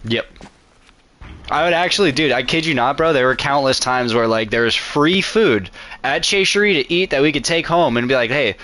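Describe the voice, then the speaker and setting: A man's voice: mid-range voice, expressive, moderate pace, pushed and bright. A young man chatting casually while gaming, slangy and laid back, saying bro and dude a lot. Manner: slangy, says bro and dude often, laughs.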